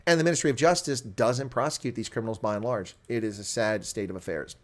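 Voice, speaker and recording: A man reads and picks apart the day's headlines, his voice pitched in the middle range. He talks with biting sarcasm and open scorn for the officials he reports on. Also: quick pace, few pauses. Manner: sarcastic, scornful, laughs at the news. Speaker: news commentator. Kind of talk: opinionated news commentary.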